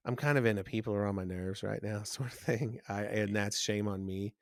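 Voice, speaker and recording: A middle-aged man hosts a laid-back podcast chat, trading stories about everyday life. His voice is low, and the dry recording sits right up on the mic. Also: fairly even intonation, fairly quick, no echo. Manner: easygoing, anecdotal, breaks into loud mock rants. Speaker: podcast co-host. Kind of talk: casual chat.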